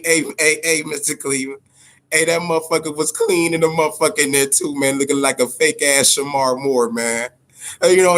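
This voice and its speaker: A man hosting a casual boxing vlog, talking in a profane, animated rant with laughing asides. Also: on the high side. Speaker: boxing vlogger.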